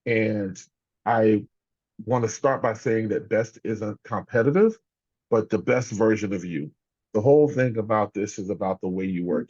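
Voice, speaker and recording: Guy facilitating a workshop over a video call, kinda hesitant, lots of ums, flat dull audio, no room sound. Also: fairly low pitch, dry recording. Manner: hesitant, many fillers and hedges. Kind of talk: leading an online workshop.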